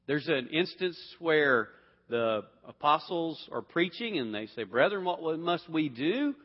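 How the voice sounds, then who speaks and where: A man's voice: a little high, sing-song, measured pace. A man leading an interactive Bible class, asking the group questions and often restarting his sentences. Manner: asks questions, repeats words, restarts often. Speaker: Bible teacher. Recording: dull sound with long hall reverb.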